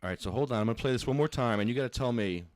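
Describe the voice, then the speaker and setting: A man hosting a casual live call-in stream, talking quickly and fussing with the connection while taking a call. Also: medium pitch, slight background noise. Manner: fast, animated, fussing with the stream. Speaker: show host.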